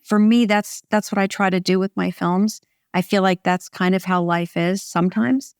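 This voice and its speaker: A middle-aged American woman, a film director, chatting in an interview in a wry, relaxed way with short phrases and restarts. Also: mid-range voice, moderate pace, smooth, no echo, clean studio sound. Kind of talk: casual interview conversation.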